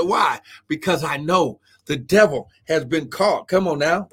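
Preaching a live-streamed sermon, this man has a very high, bright, forceful voice that is also husky. He speaks a little slowly with few pauses and lively intonation, fervently and often shouting, urging listeners on with repeated "come on now" and now and then breaking into tongues.

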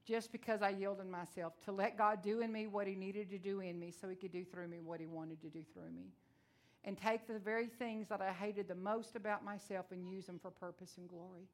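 A woman from Texas with a Texan accent, preaching a sermon in a loud, blunt, emotional and folksy way. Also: medium pitch, fairly even intonation, a little fast. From Texas, USA.

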